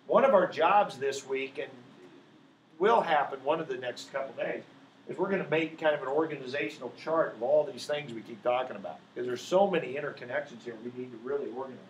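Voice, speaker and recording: A man's voice: medium pitch, a little fast. Male math teacher in an echoey classroom. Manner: keeps checking in with students by asking "right?"; patient and repetitive, walking through steps. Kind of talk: classroom lecture. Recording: echoey classroom with faint background noise.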